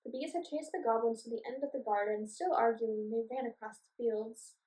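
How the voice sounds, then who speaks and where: A woman reading a children's storybook aloud in a clear, expressive way. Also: a little high, brisk. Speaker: storybook reader. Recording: echoey room, voice from a distance.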